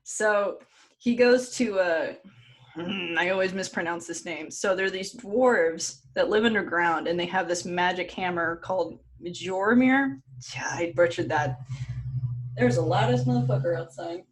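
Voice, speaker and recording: A woman with a somewhat low voice co-hosts a casual podcast. She tells stories in a lively, giggly way and swears freely. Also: unhurried. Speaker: podcast co-host. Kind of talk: casual chat.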